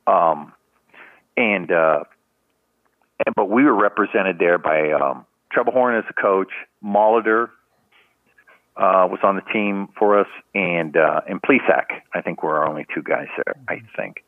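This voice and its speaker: A man's voice: deep voice, unhurried, dry recording. Older man telling stories over a tinny phone line. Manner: rambling anecdotes full of "you know" and restarts, acting out other people's lines. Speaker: guest, retired baseball team trainer. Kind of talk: casual storytelling in a podcast interview.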